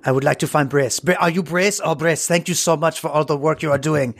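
A man's voice: a little high, fairly even intonation, a little fast, vocal fry. A man putting on a flamboyant male boss with a put-on French accent, effusive and insistent.

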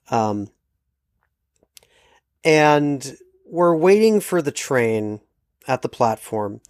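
A podcast co-host telling a travel anecdote in casual chat, acting out the quoted lines with lively energy. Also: mid-range voice, no echo, clean studio sound.

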